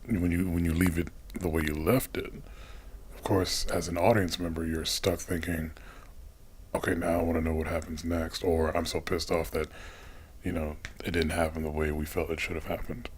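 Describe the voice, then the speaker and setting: A man with a very low, deep voice chats casually as a podcast co-host. He explains his opinions at length in a relaxed way. A faint hiss of noise sits under the recording. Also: normal speed. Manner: relaxed, explains at length, frequent agreeing murmurs. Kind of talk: casual movie discussion.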